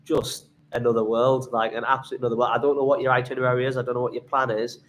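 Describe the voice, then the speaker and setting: A man's voice: medium pitch, little pitch movement, very fast, a little hiss or hum, rough recording. Enthusiastic young English man, chatty. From England. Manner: enthusiastic, many fillers and restarts, reads donations aloud. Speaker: travel vlogger hosting a livestream. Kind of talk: casual livestream chat.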